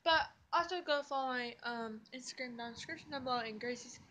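A female vlogger chatting excitedly to her camera at an outdoor park, recorded on the camera's built-in mic. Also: high voice, quick pace, a little hiss or hum. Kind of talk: casual vlog chat. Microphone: handheld camera's built-in mic.

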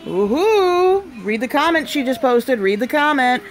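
A young woman hosting a casual live unboxing stream, chatty and excitable, often breaking off with delighted exclamations and asides to her family. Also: sits high, moderate pace, soft background music. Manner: breaks off to talk to family off camera.

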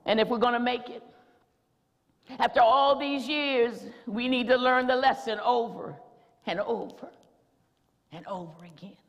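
High-voiced woman preaching a rousing sermon. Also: measured pace, long pauses, in a large hall. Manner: rousing, rhythmic repetition, rising to shouts. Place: church sanctuary.

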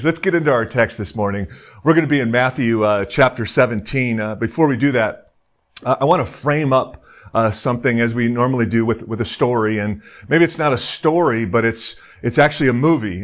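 Male pastor, chatty sermon, jokes, lots of uh and restarts, middle pitch. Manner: joking, conversational, many filler words. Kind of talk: casual sermon. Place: church service broadcast.

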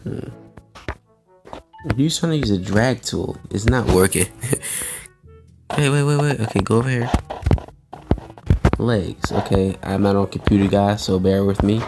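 A man's voice: on the low side, unhurried, long pauses, music in the background. A man hosting a gaming channel, giving casual, chatty commentary while he plays and often laughing and talking to his viewers.

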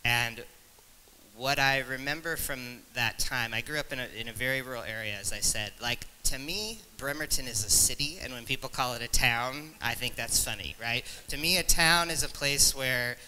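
A man in his forties talks on a conference panel in a reflective, halting way, often pausing to search for words. His voice is very bright and forward. A faint hiss of noise sits under the recording. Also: mid-range voice, low-quality recording. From Nebraska. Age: 40s. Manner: reflective, halting, many fillers and restarts.

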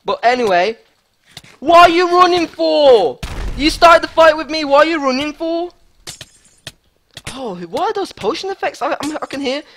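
A man giving excitable live gameplay commentary as a gaming YouTuber, hyped and repeating himself. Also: very high-pitched, normal speed, long pauses.

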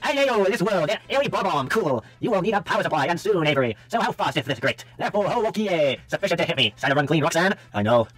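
A cocky male turtle racer from a video game, put on by a male streamer. He taunts in a high, wildly swooping singsong. The voice is lighter and softer than a man's everyday speech. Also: animated, fast talker, hardly any pauses. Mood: taunting.

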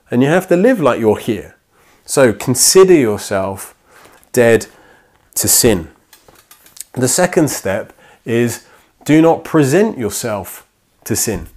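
A man's voice: mid-range voice, sing-song, slow pace, long pauses, a little mellow. Conversational male preacher. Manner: conversational, acts out little quoted exchanges. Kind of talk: sermon. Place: church.

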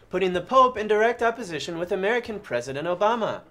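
A man's voice: high-pitched, animated, brisk, hardly any pauses, a bit bright, soft background music. A young man co-anchoring an amateur spoof news show, delivering crude headlines dryly. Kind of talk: parody news reading.

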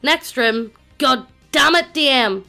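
An impatient rogue, voiced by a computer woman's voice pushes the party onward in a mechanical cadence. The pitch sits a little high. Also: expressive, slow pace, gravelly, bright, forceful tone, faint music behind, exaggerated voice. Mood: exasperated. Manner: mechanical synthetic reading.

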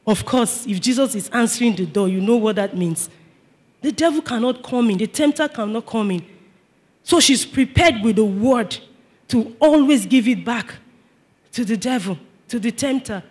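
A man's voice: high-pitched, moderate pace, darkish tone, slightly rough. A male pastor preaching a sermon emphatically, repeating his points and calling on the congregation to respond. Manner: emphatic, repetitive, calls for response.

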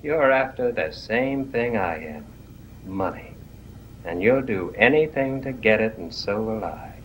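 An actor playing a scheming, menacing grandson in a 1960s TV soap drama, with music behind. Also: male voice, fairly low pitch, lively intonation, measured pace, a little hiss or hum, low-quality recording. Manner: menacing, sneering.

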